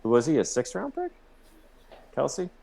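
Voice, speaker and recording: Male podcast co-host, animated pitch, quick laughs, loose and profane. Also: gravelly. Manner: lively, laughs often, swears casually. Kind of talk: casual sports-talk chat.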